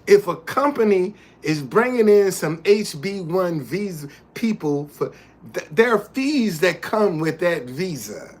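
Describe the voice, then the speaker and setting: A man's voice: high voice, lively intonation, measured pace. Heated man scolding a chat. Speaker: livestream host. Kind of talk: casual livestream talk.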